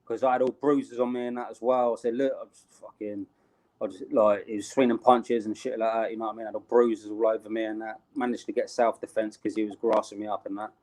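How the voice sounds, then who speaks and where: A man's voice: fairly low pitch, level tone, fast, darkish tone. A young British man telling a street story in casual, slangy talk, laughing along the way. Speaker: interview guest.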